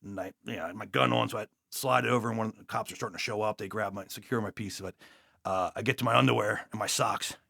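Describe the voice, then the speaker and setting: A man with a New York accent, a police officer telling his story as a guest in a blunt, profane, animated way. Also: fairly low pitch, quick pace, creaky, no echo, clean studio sound.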